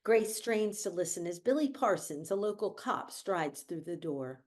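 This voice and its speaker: A woman reading stage directions aloud in a measured, descriptive way at a virtual table read. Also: on the low side, lively intonation, darkish tone. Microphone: video call.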